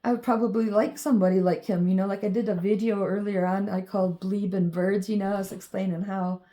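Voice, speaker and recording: A woman's voice: medium pitch, fairly even intonation, a little fast, warm tone. A woman vlogging in a casual, meandering monologue full of ums and you-knows as she shows her drawings.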